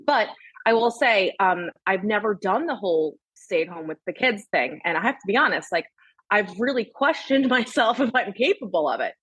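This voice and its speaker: Husky-voiced woman, blunt and animated. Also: medium pitch, normal speed, dry recording, rough recording. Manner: blunt, animated, swears freely. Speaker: podcast guest. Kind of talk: casual podcast chat.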